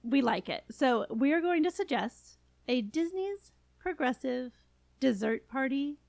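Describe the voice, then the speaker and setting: A woman's voice: high-pitched, expressive, measured pace, creaky, a little mellow, dry recording. A woman from California co-hosting a podcast in casual, enthusiastic chat. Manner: chatty, enthusiastic, laughs often. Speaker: podcast co-host.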